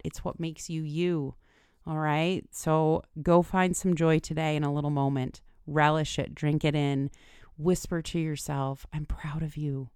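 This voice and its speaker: Smooth-voiced encouraging woman podcaster. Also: low-pitched, darkish tone, dry recording, studio quality. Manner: earnest, encouraging, speaks straight to listeners. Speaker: podcast host. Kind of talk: motivational podcast talk.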